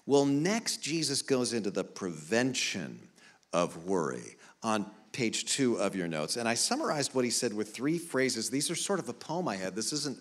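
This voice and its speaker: A middle-aged man preaching a sermon to a church congregation. His pitch roams widely, dropping low and soft in the stories and climbing high and loud in the appeals. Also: moderate pace. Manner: animated storytelling, soft low stretches rising to loud emphatic appeals. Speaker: pastor.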